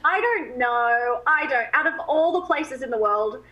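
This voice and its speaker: A woman talking as an actress guest in a TV interview, chatty and quick to laugh. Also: high-pitched, lively intonation, dull audio. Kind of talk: TV interview chat.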